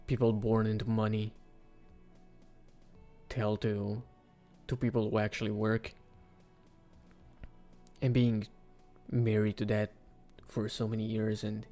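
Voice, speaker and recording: Low-voiced man rambling casually. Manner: rambling, with sudden excited outbursts. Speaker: video creator. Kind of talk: casual commentary ranking game characters.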